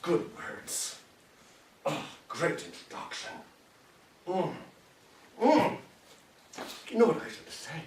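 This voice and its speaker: A man's voice: on the high side, wildly swooping pitch, slow, pauses often, a little hiss or hum, full character voice. A man playing a bitter, tipsy captain. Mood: sardonic. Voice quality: sardonic, rambling, drunk. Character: bitter Irish immigrant Civil War captain, drinking alone. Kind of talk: solo stage monologue. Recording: roomy echo from far off.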